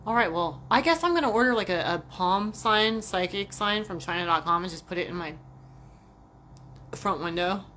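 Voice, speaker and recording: A woman ranting casually to camera about work, profane, animated and self-mocking. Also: fairly low pitch, normal speed, a little hiss or hum. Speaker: vlogger.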